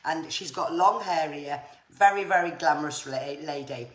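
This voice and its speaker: A woman's voice: sits low, normal speed, a bit bright. A woman giving psychic readings on a live stream, chatty and reassuring, often saying viewers' names. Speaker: psychic medium. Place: home room on a live stream. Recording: echoey room with faint noise.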